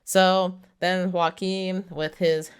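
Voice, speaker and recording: A woman's voice: fairly low pitch, little pitch movement, slow pace, clear, resonant tone. A woman casually recapping a movie's plot, talking in a chatty way with lots of "like". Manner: chatty, heavy use of "like", laughs while retelling. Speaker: movie reviewer.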